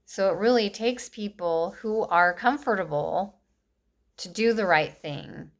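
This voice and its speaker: A woman's voice: medium pitch, a little slow. A woman in her fifties ranting passionately to camera, blunt and scolding, with short bitter laughs between points. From United States. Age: 50s. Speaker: vlogger. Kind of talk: impassioned political rant to camera.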